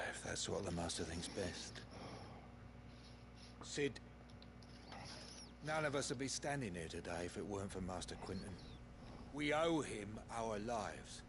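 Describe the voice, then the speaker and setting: A man's voice: lowish voice, noisy background, lightly acted. A man playing a weary, loyal villager. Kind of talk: video game cutscene dialogue.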